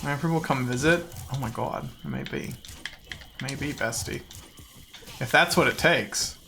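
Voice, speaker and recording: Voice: mid-range voice, unhurried, vocal fry, bright, forceful tone, a little hiss or hum. A game streamer chatting casually and jokingly with viewers while playing. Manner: self-mocking, jokey, talks to chat. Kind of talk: casual live-stream chat while gaming.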